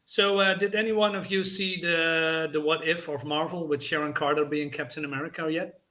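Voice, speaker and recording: A man's voice: on the high side, steady tone, normal speed, sharp tone. A man chatting on a livestream, hesitant and full of ums. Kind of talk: casual livestream chat.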